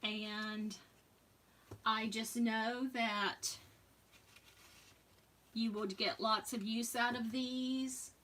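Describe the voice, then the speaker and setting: Unhurried woman crafter, chatty with soft asides; distant mic. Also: a little high, little pitch movement, slight background noise. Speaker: crafting demo host. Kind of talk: live crafting demonstration.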